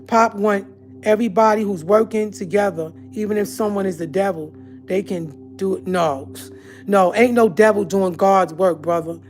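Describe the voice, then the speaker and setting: At normal speed and medium pitch, a darkish-toned woman delivers a confrontational, heated live-stream rant to her channel's viewers. Soft background music plays throughout.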